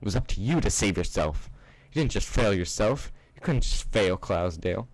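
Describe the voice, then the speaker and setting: A man voicing a cruel adult female pegasus pony who runs a factory, speaking with venom and yelling in a fan-fiction reading. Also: on the low side, expressive, normal speed, no room sound, pitched above the performer's own voice, rough recording. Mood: furious. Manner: screaming, venomous.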